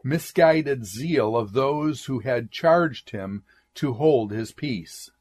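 A man reading an old sermon aloud in a measured, deliberate way, speaking each "quote" and "end quote". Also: medium pitch, animated, a little mellow. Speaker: sermon reader.

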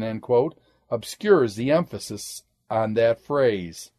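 A man's voice: lively intonation, slow, mellow. A man teaching a Bible study lecture in a methodical way, marking each citation with "quote" and "end quote" and dropping his voice at each close. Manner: drops pitch and volume on each "end quote".

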